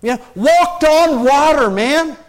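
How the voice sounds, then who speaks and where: A man's voice: very high-pitched, animated, slow pace. A male pastor preaching a conversational sermon in a folksy way, often asking the congregation rhetorical questions.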